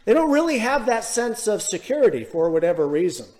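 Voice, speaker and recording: High-voiced man preaching earnestly. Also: big pitch swings, a little mellow. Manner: earnest preaching, slows down to stress key words. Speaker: pastor. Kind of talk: sermon.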